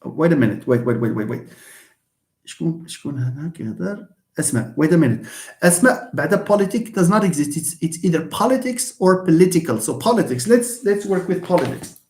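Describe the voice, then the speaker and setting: A man, teaching English linguistics in a live online lesson and answering questions, moving between quick asides and slow, careful explanation. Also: a little high. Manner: lively, switches between fast asides and slow syllable-by-syllable explanation. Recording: roomy echo.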